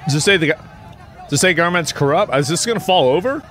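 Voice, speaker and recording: A man's voice: a little high, animated, fast, a bit bright, a faint crowd, a little hiss or hum. A man in his thirties from the United States, reacting to videos in blunt, profane casual commentary full of restarts and asides.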